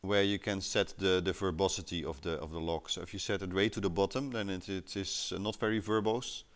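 A man casually explaining a software client during a screen-share chat, pausing often with fillers. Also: sits low, steady tone.

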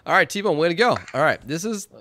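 A man's voice: fairly high pitch, lively intonation, quick pace, sharp tone, dry recording. A man hosting a singing contest in an online game lobby, upbeat and encouraging. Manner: upbeat and encouraging, lots of "all right". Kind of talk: casual game-stream hosting.

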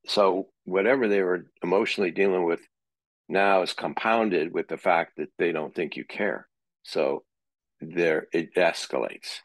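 A man's voice: low voice, no room sound. A middle-aged man teaching a psychology class in a conversational way, sometimes acting out example dialogue. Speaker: psychology lecturer. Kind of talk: classroom lecture.

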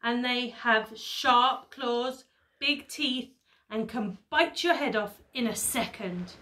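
A woman's voice: on the high side, slow, bright, forceful tone. Woman doing a glum little lost boy. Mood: solemn. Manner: sniffly and solemn, spooking the others.

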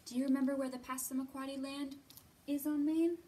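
A young woman leading a children's library storytime, gently coaxing little listeners with sing-song questions and sometimes dropping to a whisper. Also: high voice, steady tone, fairly quick, recorded from a distance, slight background noise. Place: library room.

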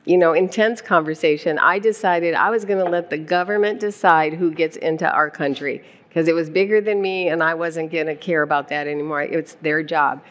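Older woman telling a lively story in a hall. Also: low-pitched, a little fast, hardly any pauses. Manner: animated storyteller, laughs often. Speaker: guest speaker, founder's wife. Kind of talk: personal storytelling on stage. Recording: long hall reverb.

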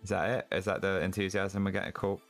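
A man's voice: deep voice, flat delivery, fast, creaky, soft background music. A British man chatting during a party game over voice call, wry and teasing. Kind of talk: casual game chat on voice call.

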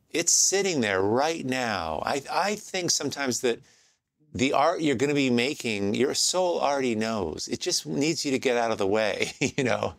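A man's voice: mid-range voice, vocal fry, fairly bright tone, dry recording. A man hosting a podcast, talking in a reflective, searching way with many fillers and restarts. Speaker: podcast host. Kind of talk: casual podcast talk.

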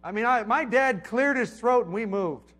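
A middle-aged man preaching a sermon in a conversational way, building to emphatic peaks and then dropping low and quiet. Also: normal speed, faint music behind. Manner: conversational preaching with emphatic swells and soft drops.

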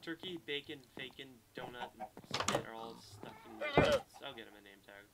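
Gaming host, male, excitable play-by-play that jumps between yelps and mumbles, heavy noise behind him. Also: medium pitch, normal speed, vocal fry. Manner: excitable, swings from loud outbursts to quiet muttering. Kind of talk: gameplay commentary.

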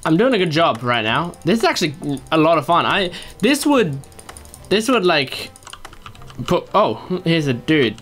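Chatty gaming man with excited yelps. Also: normal speed, faint music behind. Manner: chatty, talks to himself and jumps to excited high yelps. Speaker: gaming YouTuber. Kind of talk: Let's Play commentary.

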